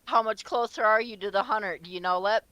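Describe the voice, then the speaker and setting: A woman's voice: mid-range voice, brisk, bright, forceful tone, dry recording, highs cut off. A woman co-hosting a stream in casual chat, chatty and giggly.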